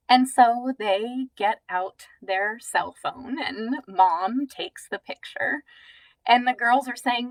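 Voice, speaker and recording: A woman telling a true personal story in a vivid, expressive, descriptive way. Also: on the high side, slow pace, no echo, low-quality recording.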